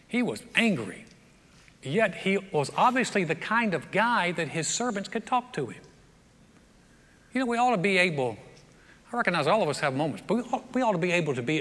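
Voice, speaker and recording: A man preaching a sermon, telling a story with lively, humorous asides to his congregation. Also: high voice. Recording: long reverb of a big hall.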